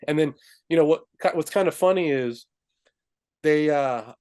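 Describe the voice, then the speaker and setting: A man co-hosting a casual film review chat, laughing often and acting out movie lines in quick high voices. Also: a little mellow, smooth. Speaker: podcast co-host.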